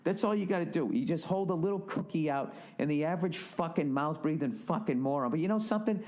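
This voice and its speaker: A man's voice: a little high, fast talker, darkish tone. A man hosting a podcast, delivering an exasperated, heavily profane solo rant with sarcastic, mocking asides. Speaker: podcast host.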